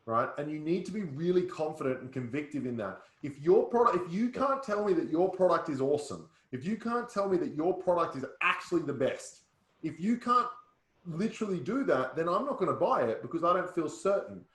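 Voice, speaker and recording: A man's voice: a little high, big pitch swings, fairly quick, fairly bright tone. A man coaching a sales workshop in a punchy way, often checking that listeners follow. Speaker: sales trainer. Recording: roomy echo.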